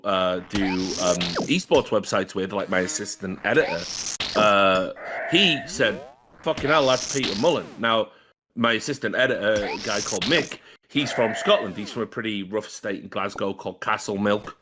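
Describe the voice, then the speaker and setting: A man's voice: on the low side, moderate pace, background noise. A man co-hosting a casual film podcast, telling a rambling story full of swearing. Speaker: podcast co-host.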